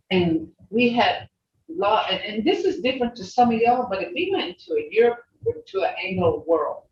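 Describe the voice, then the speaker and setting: Slow, sing-song language teacher on a video call. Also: medium pitch. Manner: repeats native words slowly to drill sounds; folksy, plain-spoken, addresses class as "y'all" and "people". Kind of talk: online language class, pronunciation drill. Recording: distant, roomy, dull video-call audio with faint hiss.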